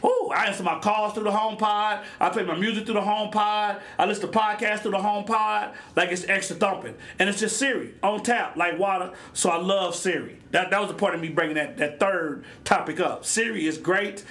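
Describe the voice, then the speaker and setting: A man hosting a solo podcast, joking and hopping between topics and sidebars in a loose, animated way. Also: sits high, brisk, few pauses. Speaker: podcast host. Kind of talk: casual solo podcast monologue.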